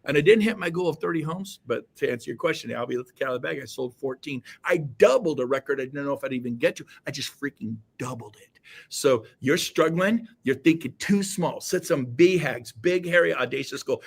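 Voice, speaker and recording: Man, guest coach; preachy, fiery delivery with shouted bursts; voice sits a bit high. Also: a little fast, creaky, breathy edge. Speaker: guest, real estate coach. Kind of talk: motivational talk.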